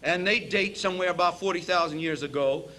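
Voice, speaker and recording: A man's voice: high-pitched, fairly quick, sharp tone. A man giving a preacher-style lecture to an audience, emphatic and repeating phrases for emphasis. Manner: addresses the audience as brothers and sisters. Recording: roomy hall, speaker away from the mic, faint background hiss.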